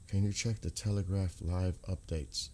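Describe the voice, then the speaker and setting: A man's voice: deep voice, steady tone, moderate pace, dark tone. A man hosting a casual livestream, reading viewer comments aloud and answering them while he looks things up online. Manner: reads viewer comments aloud and responds, searching websites while talking. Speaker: livestream host reading chat.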